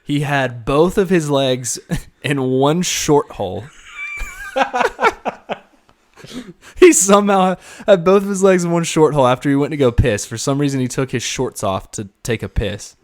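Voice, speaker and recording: A young man co-hosting a podcast, telling a rowdy party story in casual chat, animated and swearing, laughing as he goes. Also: a little high, unhurried, pauses often. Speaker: podcast co-host.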